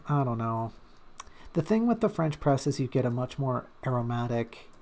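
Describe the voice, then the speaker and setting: A streamer chats casually while drawing live, wandering from one aside to the next with self-mocking jokes. The voice has a gravelly fry running through it, and the pitch sits in a middle range. It is picked up on a desk streaming mic at home. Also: a little mellow. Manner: rambling and self-mocking, with many fillers and little hums.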